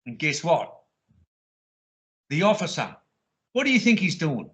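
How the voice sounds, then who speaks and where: A man's high, sing-song, slightly bright voice unfolds unhurriedly in a rambling call-in monologue about a police stop. Crude and insistent, he mimics the officer's words mockingly.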